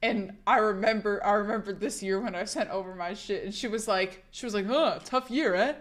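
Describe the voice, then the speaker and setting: A young woman streamer with a hoarse, husky sick voice, rambling casually to her chat and swearing a lot. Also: mid-range voice, fairly even intonation, brisk.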